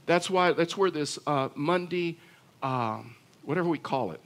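Pastor guy preaching, earnest, kinda high voice, lots of restarts. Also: animated, measured pace, a bit bright. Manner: earnest, repeats phrases with restarts. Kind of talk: sermon.

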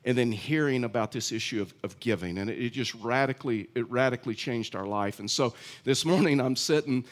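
A man's voice: mid-range voice, fairly quick, few pauses. A middle-aged male pastor giving a conversational sermon, telling stories with frequent restarts. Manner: chatty storytelling, many restarts.

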